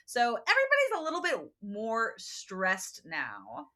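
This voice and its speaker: A woman co-hosting a podcast, chatting casually about a book, animated and laughing often as she acts out quotes. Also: fairly high pitch, a little slow, hardly any pauses. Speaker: podcast co-host. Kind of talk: casual book discussion chat.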